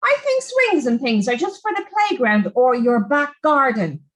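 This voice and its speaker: A woman's voice: high-pitched, big pitch swings, a little slow, a bit bright, heavily acted. A woman voicing a small, kindly male hedge sprite in a children's storybook reading.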